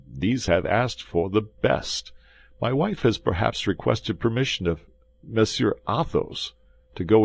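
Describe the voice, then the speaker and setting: A man voicing an excitable, fretting male innkeeper from a classic adventure novel audiobook, speaking in a pleading, hand-wringing way. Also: lowish voice, creaky, husky, voice pushed up, full character voice.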